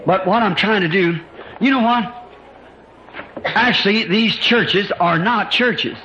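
Preacher, male, 50s: high bright voice, emphatic, drawn-out sermon delivery, dull old taped sound with hiss. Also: reverberant. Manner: emphatic, drawn-out lines rising in pitch. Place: church.

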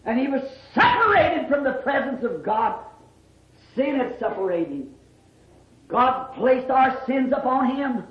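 A preacher giving an impassioned sermon, drawn-out and emphatic, bursting into shouts on key words. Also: high-pitched, sing-song. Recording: dull, echoey old sermon recording.

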